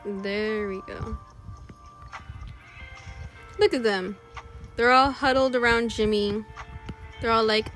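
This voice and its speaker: A woman's voice: steady tone, takes it slowly, pauses often, fairly bright tone, faint music behind. Chatty young woman drawing and rambling. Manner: rambling, talks to herself while working; mimics characters in a high voice. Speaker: artist streaming a drawing session. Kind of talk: casual chat while drawing.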